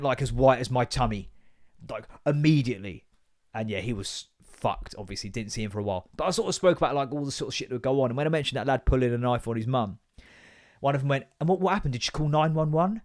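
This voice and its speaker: A man, hosting a casual solo podcast and ranting in a sweary, sarcastic, animated way. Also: mid-range voice, fast talker. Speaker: podcast host.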